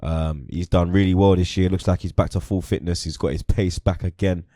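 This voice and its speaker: A young man talks football in a relaxed, slangy way, dropping "you get me" and "blood" into nearly every sentence. His voice sits fairly low, and the sound is close and dry with almost no room. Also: brisk, no room sound. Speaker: host. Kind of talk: casual football chat.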